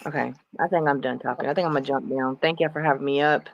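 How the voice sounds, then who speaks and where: A woman's voice: a bass voice, steady tone, fast talker, highs cut off, slight background noise. A woman, speaking bluntly and defiantly as a guest on a casual live-stream panel.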